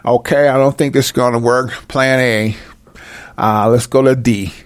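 A man voicing a cold older male leader who calmly gives clipped orders in a skit. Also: mid-range voice, moderate pace, no room sound, pitched below the performer's own voice, natural voice. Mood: cold, commanding.

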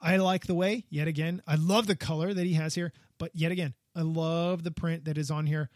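High-voiced enthusiastic male podcast host. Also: fairly even intonation, brisk, dry recording, studio quality. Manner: enthusiastic, rambling, repeats himself. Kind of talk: casual toy review podcast. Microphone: podcast microphone.

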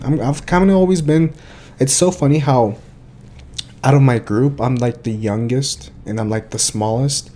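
A young man co-hosting a casual podcast, telling stories with lively acted-out scenes and dropping the odd Spanish phrase. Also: medium pitch, measured pace. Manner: animated storyteller, acts out scenes with voices. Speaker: podcast co-host.

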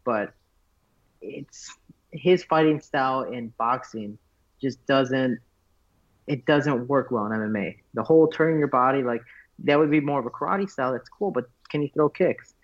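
A man in a casual interview, telling fight stories in an animated way and packing his speech with fillers. His voice sits in a middle pitch, and the audio is dull and lo-fi. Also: moderate pace. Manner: animated storyteller, many fillers like "like". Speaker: fighter guest.

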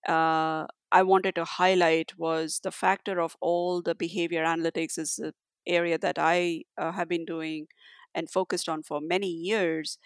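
A woman speaks as an interview guest, thoughtful and halting, often restarting her sentences. Her voice is clear and smooth. The recording is dry and close. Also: lowish voice, little pitch movement, dry recording. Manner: halting, many restarts and fillers. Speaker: guest, tech leader. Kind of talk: conversational interview answer.

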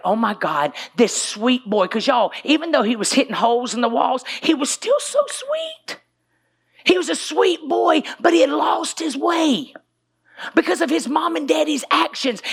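High, gravelly woman preaching. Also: expressive, normal speed. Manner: emotional storytelling, often shouting for emphasis. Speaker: pastor. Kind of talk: sermon. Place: church stage.

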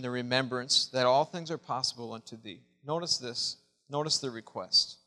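Impassioned preacher with a bright voice. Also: male voice, mid-range voice, moderate pace, few pauses, big-room sound. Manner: impassioned preaching, swinging from hushed to loud. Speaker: pastor. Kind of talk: sermon.

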